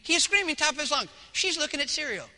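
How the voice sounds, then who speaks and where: A man preaching a sermon as pastor at a church service, telling stories in an animated way and swinging between hushed and loud delivery. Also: extremely high pitch, quick pace, in a large hall, noisy background.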